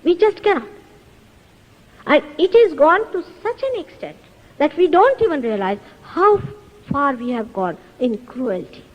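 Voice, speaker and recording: A woman's voice: high-pitched, sing-song, a little slow, muffled recording. Earnest woman preaching in a reverberant hall. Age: 50s. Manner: earnest, rhetorical questions, emphatic. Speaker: spiritual teacher. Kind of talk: spiritual talk to an audience. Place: lecture hall. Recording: 1970s hall recording with long reverb.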